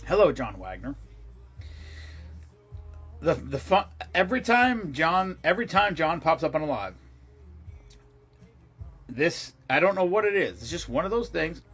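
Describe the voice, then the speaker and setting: Middle-aged guy on a livestream, kinda husky and a bit high, rambly and swears a lot. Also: big pitch swings, unhurried, pauses often, a bit bright, faint music behind. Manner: rambling, profane storytelling with laughs. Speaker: livestream host. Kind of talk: casual livestream chat.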